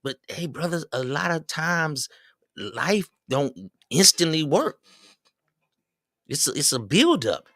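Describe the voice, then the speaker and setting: A middle-aged man giving casual advice in a slangy, preachy, joking way, with loud swings. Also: fairly high pitch, very animated, takes it slowly, pauses often, no room sound. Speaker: show host.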